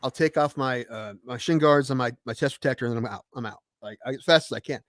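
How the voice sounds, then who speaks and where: Man, 30s, podcast co-host; fast, animated storyteller, dry mic. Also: medium pitch, no room sound. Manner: storytelling, animated quoted voices. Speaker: podcast co-host, baseball umpire. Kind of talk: casual chat.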